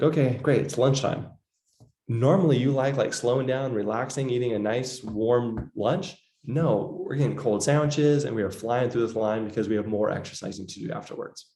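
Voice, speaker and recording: A man's voice: mid-range voice, mellow, echoey room. A man giving a casual psychology lecture, full of fillers, acting out quoted voices. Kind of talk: recorded lecture.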